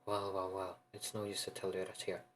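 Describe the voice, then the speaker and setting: A man's voice: deep voice, completely flat delivery, fairly quick, fairly bright tone, slight background noise. A man voicing a smug male villain in a fan-made story, speaking in a mocking, condescending way. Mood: taunting.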